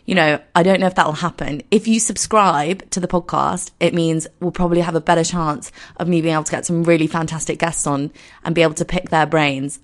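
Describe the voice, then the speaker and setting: A woman in her twenties with a croaky voice, hosting her podcast in a chatty, self-deprecating, rambling way. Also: sits low. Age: 20s. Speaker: podcast host. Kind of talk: casual solo podcast intro.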